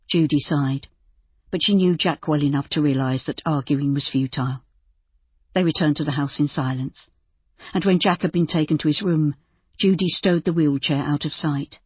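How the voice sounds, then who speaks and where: A woman narrates a story with a low, husky voice in a steady, even way. The recording sounds dry and a little dull. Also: normal speed, dry recording. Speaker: audiobook narrator. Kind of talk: scripted narration.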